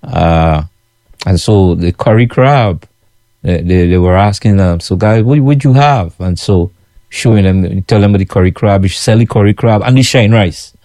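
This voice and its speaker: A Guyanese man talks casually to his followers about his food business. His voice sits low and mellow. The sound is dry and close, and he keeps circling back with "you know what I'm saying". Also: a little slow, dry recording. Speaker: food vendor running his own kitchen business.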